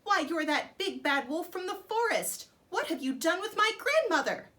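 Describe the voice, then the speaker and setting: Storybook role: little girl rabbit in a red hood, polite and brave, high bright voice, read by a woman. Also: big pitch swings, measured pace, heavily acted. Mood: alarmed.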